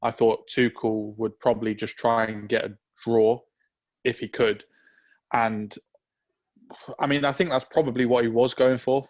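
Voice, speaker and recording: A man co-hosting a casual football podcast, giving relaxed, opinionated takes. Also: medium pitch, lo-fi sound. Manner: relaxed, opinionated, drawn-out reasoning. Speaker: podcast co-host.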